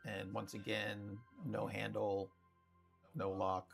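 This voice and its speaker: A male game master with a rough, gravelly voice, low-pitched and measured as he narrates a tabletop game. His delivery is relaxed and unhurried, with frequent fillers. Faint music plays underneath.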